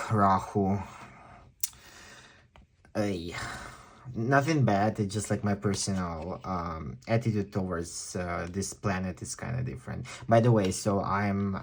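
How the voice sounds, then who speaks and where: A man with a non-native English accent giving a chatty, excitable pick-a-card tarot reading. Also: fairly low pitch. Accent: non-native English speaker. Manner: chatty, excitable, exclaims often. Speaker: tarot reader.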